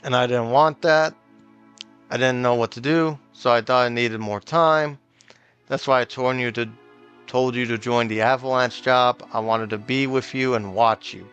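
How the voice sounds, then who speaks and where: A man's voice: mid-range voice, steady tone, normal speed, a bit bright, clean tone, muffled recording, soft background music, lightly acted. A man reading aloud the lines of an earnest young woman from a video game, in his own plain voice. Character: earnest young woman confessing her worries.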